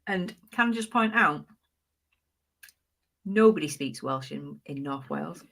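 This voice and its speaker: Low-voiced woman co-hosting a live chat. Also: animated, a little slow, gravelly, fairly bright tone. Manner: reads viewer comments aloud, laughs easily. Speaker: co-host of a live reselling chat. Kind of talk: casual live-stream chat.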